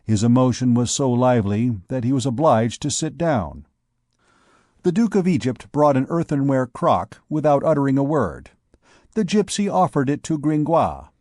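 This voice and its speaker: A man reading a classic novel aloud as an audiobook narrator, measured and deliberate. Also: medium pitch, big pitch swings, darkish tone, no room sound, clean studio sound. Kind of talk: scripted narration.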